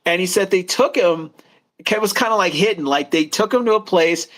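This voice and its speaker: Man, high voice, rambling storyteller, casual co-host, acts out quotes. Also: normal speed, fairly bright tone. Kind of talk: casual chat.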